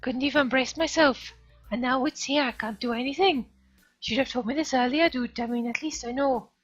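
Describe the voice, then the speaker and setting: A woman voicing a paranoid, reclusive teenage boy who rants in loud, panicky outbursts. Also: sits high, moderate pace, slightly rough, voice pushed up. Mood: frantic. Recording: dull lo-fi stream audio, faint music.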